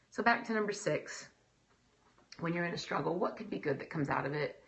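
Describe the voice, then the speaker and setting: Woman, 30s, lowish voice, heartfelt and animated talk to an audience. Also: brisk. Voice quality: emotional, animated, breaks into quoted voices. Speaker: speaker giving a talk.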